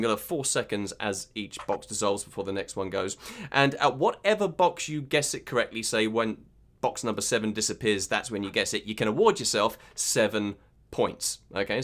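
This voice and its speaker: A British quiz host runs an online pub quiz in a mid-range, slightly bright voice. Upbeat and teasing, he reads out the questions and the viewers' answers.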